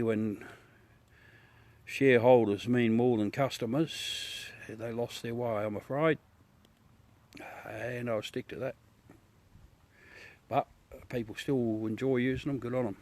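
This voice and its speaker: A man's voice: mid-range voice, darkish tone. An Australian man hosting a livestream, chatting casually with viewers in a blunt, ranty way and swearing freely. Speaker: livestream host. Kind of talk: casual chat with live viewers.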